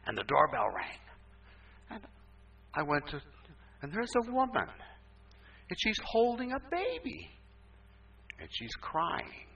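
A male pastor telling a story in a sermon, emphatic and animated, with sudden upward swoops in pitch. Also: unhurried, gravelly, pauses often, slightly rough. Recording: distant, dull, muffled recording.

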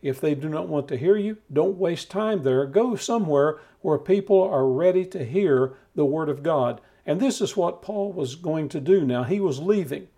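A man preaching a steady, measured Bible teaching, talking the listener through scripture. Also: on the high side. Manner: calm measured teaching with occasional restarts.

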